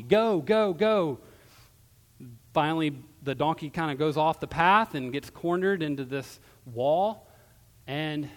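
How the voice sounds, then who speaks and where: A male pastor preaching a sermon in a church, retelling a story in a conversational way with a quiet close. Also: a little high. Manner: conversational storytelling, dropping softer at ends of phrases. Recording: long hall reverb.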